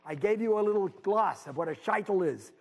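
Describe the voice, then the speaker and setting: A man's voice: high-pitched, animated, brisk. A man teaching a literature class, explaining a story and reading passages from it in a conversational, digressive way. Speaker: literature instructor. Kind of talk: lecture with read-aloud passages. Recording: long reverb from a lecture hall.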